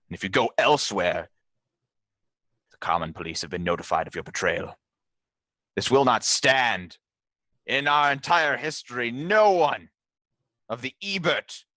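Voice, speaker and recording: A man's voice: on the low side, bright, forceful tone, no echo. Man in grandiose villain role-play. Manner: grandiose, menacing villain speech. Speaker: tabletop game player. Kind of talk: in-character tabletop role-play.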